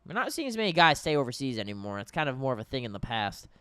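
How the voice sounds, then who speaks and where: A man's voice: mid-range voice, very animated, rapid-fire, fairly bright tone, clear, resonant tone, dry recording. A young man doing casual live play-by-play commentary, talking to viewers, a little tired and yawning. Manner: conversational, addresses viewers as guys. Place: home in New York.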